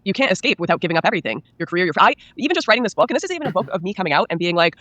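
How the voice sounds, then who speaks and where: A woman's voice: medium pitch, big pitch swings, fairly bright tone, no room sound. A woman being interviewed as an author, speaking candidly and earnestly, often acting out what others told her. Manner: rapid, earnest, acts out quoted people.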